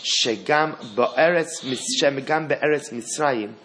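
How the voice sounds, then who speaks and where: A man leads a Torah lesson in an earnest, steady teaching voice that sits at an ordinary pitch. He poses questions and answers them himself, circling back over key phrases. A faint hiss lingers under the recording. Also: takes it slowly. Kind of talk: Torah class lecture.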